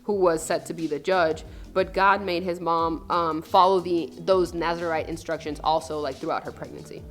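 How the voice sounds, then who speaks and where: Low-voiced woman hosting a playful podcast. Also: steady tone, normal speed. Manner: playful, explains and jokes with frequent laughs. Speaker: podcast co-host. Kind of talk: casual faith podcast chat. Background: faint background music.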